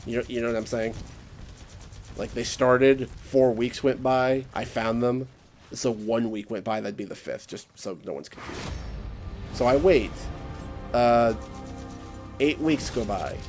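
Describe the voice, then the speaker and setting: A man's voice: medium pitch, unhurried, pauses often, a little mellow, faint music behind. A young man ranting casually to camera, exasperated and sarcastic, mimicking other people's voices when he quotes them. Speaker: vlogger. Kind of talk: casual rant.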